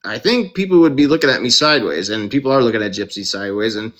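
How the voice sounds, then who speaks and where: Bright-voiced man ranting on a live stream. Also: medium pitch, expressive, fast talker. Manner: indignant, ranting, mocking quoted voices. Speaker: true crime live streamer. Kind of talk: casual live-stream commentary. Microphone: phone.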